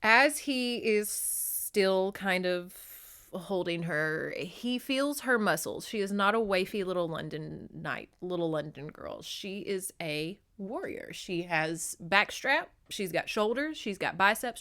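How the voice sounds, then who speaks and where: A woman hosting a podcast, recapping a book in casual chat; animated and profane, laughing often. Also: mid-range voice, a little slow. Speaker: podcast host.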